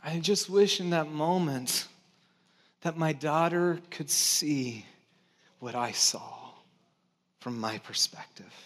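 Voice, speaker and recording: A pastor preaching a conversational sermon to his church, swinging between loud emphasis and hushed, quiet stretches. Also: fairly high pitch, takes it slowly, pauses often.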